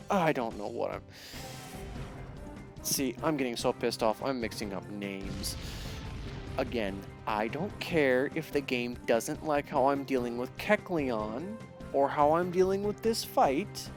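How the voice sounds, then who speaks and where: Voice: medium pitch, expressive, unhurried, soft background music. A let's play host commentating on a video game, exasperated and laughing in frustration at a fight that will not go their way.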